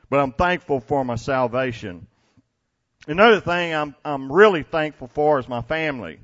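A man's voice: fairly high pitch, moderate pace, fairly bright tone, dull audio. A man, preaching a sermon to his congregation in a folksy, storytelling way, often laughing and restarting his words. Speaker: pastor. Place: church before a congregation.

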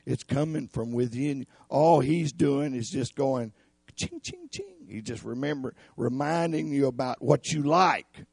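A man with a raspy voice preaching a sermon in an earnest, emphatic way. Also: medium pitch, unhurried, few pauses, darkish tone, no room sound, studio quality. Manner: earnest, emphatic, addresses listeners as y'all.

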